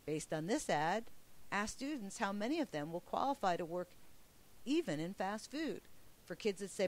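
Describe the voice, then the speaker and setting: A woman's voice: medium pitch, big pitch swings, normal speed. A woman presenting a teacher training webinar, upbeat and emphatic as she walks through slides. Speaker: professional development trainer.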